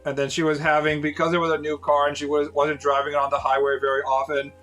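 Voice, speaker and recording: A man's voice: a little high, monotone, fast, a bit bright, faint music behind. A man in his late thirties, a streamer casually telling rambling, profane stories to his viewers with lots of fillers. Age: 30s.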